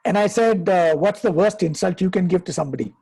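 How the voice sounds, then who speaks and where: A man, a happiness coach giving advice and telling stories in a deliberate way, slowing down for emphasis. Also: high voice, creaky, a little mellow, slightly rough. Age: 50s. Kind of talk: conversational advice, storytelling.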